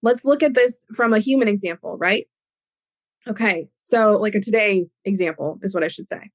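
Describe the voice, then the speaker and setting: A woman hosting an educational podcast, explaining ideas in an animated way with everyday examples. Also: mid-range voice, moderate pace, no echo. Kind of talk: teaching talk on a podcast.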